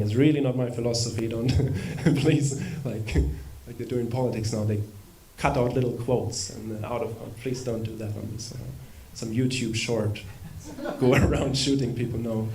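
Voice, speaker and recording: A man with a mid-pitched voice lectures to an audience in a temple hall. His delivery is loose and conversational. He breaks off into humorous asides and rhetorical questions. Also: a little mellow. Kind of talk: informal spiritual lecture.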